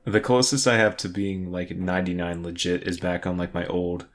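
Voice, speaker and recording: A man's voice: sits low, level tone, normal speed, hardly any pauses, faint music behind. A man co-hosting a casual gaming podcast, rambling and laughing, swearing freely. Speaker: podcast co-host.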